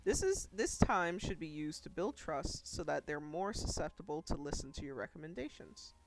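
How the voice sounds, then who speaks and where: A man's voice: fairly high pitch, sing-song, moderate pace, background noise. A man narrating as game master of a tabletop role-playing game in a loose, chatty way. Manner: loose, conversational narration with fillers.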